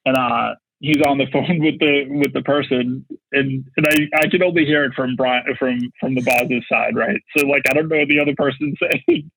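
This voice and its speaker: A man's voice: medium pitch, fairly even intonation, normal speed, creaky, few pauses, fairly bright tone, no echo. A man telling a story as a podcast guest, rambling with constant "like" and "you know". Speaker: marketing executive guest. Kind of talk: casual anecdote telling. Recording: dull lo-fi sound, dry.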